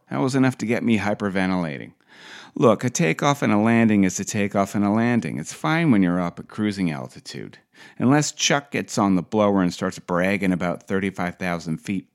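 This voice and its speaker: Sardonic man with a low voice. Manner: wry, sardonic, deadpan asides. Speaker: podcast host. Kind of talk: scripted comic monologue.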